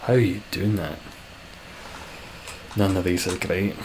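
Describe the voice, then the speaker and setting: A man's voice: low-pitched, steady tone, measured pace, background noise. A young man streaming a game, chatting casually with viewers in a rambling, self-deprecating way.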